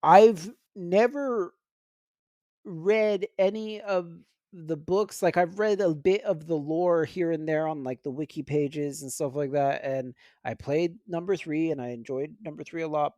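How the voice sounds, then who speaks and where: A man co-hosting a casual podcast, talking in an animated way with frequent laughs and restarts. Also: fairly high pitch, dry recording, clean studio sound. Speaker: podcast co-host. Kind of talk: casual chat.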